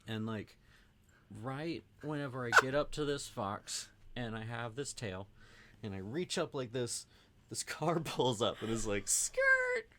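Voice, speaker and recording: A man's voice: mid-range voice, a little slow, crowd noise. A man from Texas, a podcast host, casually telling a rambling anecdote packed with "like" and acted-out quotes. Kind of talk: casual storytelling chat.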